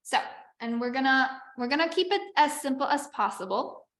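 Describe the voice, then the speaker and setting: A woman with a fairly high voice leads a live online masterclass as a business coach. She speaks in a chatty, encouraging way and often checks in with her class. Her video-call audio has a roomy echo. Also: animated, moderate pace, a bit bright. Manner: chatty and encouraging, with frequent "like" and "okay".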